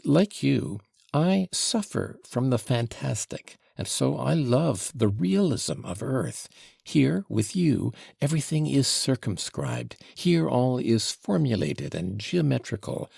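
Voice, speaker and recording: A fawning, mocking devil dressed up as a shabby gentleman, put on by a man reading an audiobook. His voice sits higher than the reader's own, with gravelly creak and a husky edge. It flits between sly courtesy and little French flourishes, all recorded dry and close. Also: no echo, exaggerated voice.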